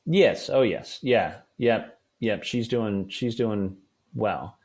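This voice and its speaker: A man who is a guest author on a podcast, chatting casually and telling lively anecdotes. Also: fairly low pitch, slow pace. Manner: animated anecdotal storytelling.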